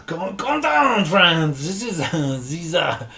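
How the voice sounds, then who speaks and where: A man's voice: a little high, big pitch swings, slow pace, creaky, bright, forceful tone, voice pushed up, exaggerated voice. A man voicing a male character who speaks in a stiff, formal way and keeps breaking into laughter. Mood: amused formal. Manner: stilted formal speech broken by laughs.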